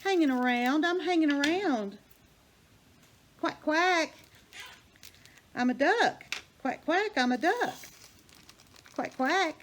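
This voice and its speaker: A woman's voice: high voice, expressive, slow pace, pauses often, slight background noise, voice pushed up. A woman voicing a silly, cheerful pet duck in a sing-song baby-talk voice. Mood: playful.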